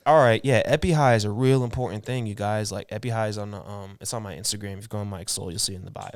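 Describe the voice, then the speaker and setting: A young man in his twenties talks in a relaxed, rambling way and leans on fillers. His voice sits low and smooth, close and dry on the mic. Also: very fast, dry recording. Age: 20s. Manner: laid-back, rambling with many fillers. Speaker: podcast guest, clothing designer. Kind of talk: casual chat.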